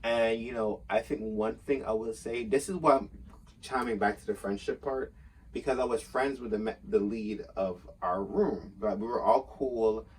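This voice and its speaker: A man casually telling a workplace story, acting out quotes in a raised, animated voice. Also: lowish voice, normal speed, slightly rough, far from the mic.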